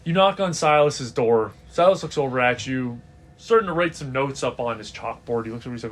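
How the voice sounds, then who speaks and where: A man's voice: medium pitch, expressive, a little fast. A man narrating as game master of a tabletop role-playing game, casual, with many fillers.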